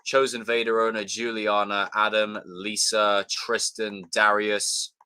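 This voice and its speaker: A man's voice: on the low side, little pitch movement, a little slow, pushed and bright, smooth. A young man hosting a live stream, chatting loosely, swearing and thanking viewers by name. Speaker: livestream host. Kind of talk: casual live stream sign-off chat.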